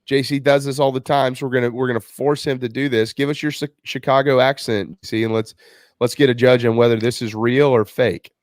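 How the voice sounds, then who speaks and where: A man's voice: mid-range voice, fairly even intonation, fairly quick, no echo, clean studio sound. A man hosting a casual sports podcast, playful and teasing with his guests. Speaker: podcast host.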